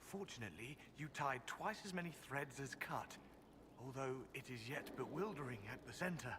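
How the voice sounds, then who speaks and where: An actor playing a brisk, proud male steward in a video game, formal and wry in manner. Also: medium pitch, animated, noisy background, natural voice.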